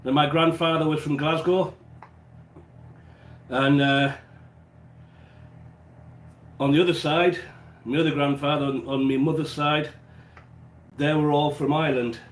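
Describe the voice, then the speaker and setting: A man's voice: fairly high pitch, flat delivery, a little slow, long pauses, roomy sound. A man with an English accent, hosting a live cooking stream, chatting and answering viewers, with a stuffy nose and an occasional cough. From England. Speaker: cooking livestream host. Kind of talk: casual live-stream chat while baking. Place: small home kitchen.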